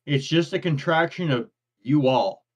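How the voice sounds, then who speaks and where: A man's voice: fairly high pitch, measured pace. A man, co-hosting a casual podcast chat, rambling and tripping over his own words as he goes. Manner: rambling, stumbles and repeats words. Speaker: co-host.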